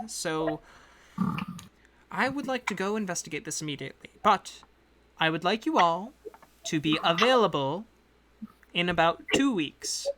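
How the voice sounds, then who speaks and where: A woman plays a composed, secretive female patron in a tabletop game, speaking in a slow, measured and formal way with a put-on accent. The voice is smooth and bright, and it sits somewhat low. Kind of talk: in-character tabletop narration.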